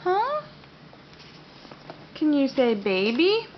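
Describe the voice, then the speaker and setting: A woman with a high, lively voice swooping up and down as she coaxes and praises her toddler, in an unhurried sing-song manner. It sounds like a dull, lo-fi home video made at the breakfast table, with a faint hiss behind her. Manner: coaxing, praising, sing-song baby talk. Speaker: mother.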